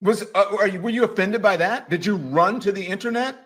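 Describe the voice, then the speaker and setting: Brief: male commentator, fairly high voice, sarcastic rant full of rhetorical questions. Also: fairly quick, a bit bright, breathy edge. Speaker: political commentator. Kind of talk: ranting monologue to camera.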